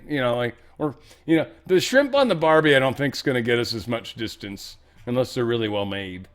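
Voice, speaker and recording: Brief: male commentary host, casual and profane, rambling asides, average pitch. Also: expressive, a little fast. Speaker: show host.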